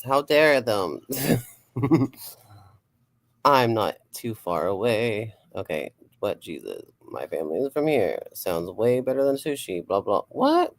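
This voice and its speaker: A man hosting a casual livestream as a psychic, rambling and swearing freely, laughing often and reading viewer comments aloud. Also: medium pitch. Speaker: psychic streamer host.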